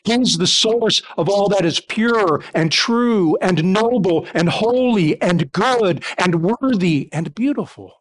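Male pastor, high voice, emphatic sermon delivery with repeated building phrases. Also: lively intonation, takes it slowly, few pauses.

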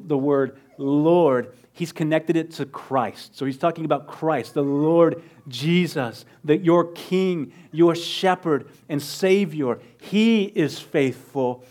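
A man preaching a sermon in a conversational way, sometimes dropping to a soft low voice for emphasis. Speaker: pastor.

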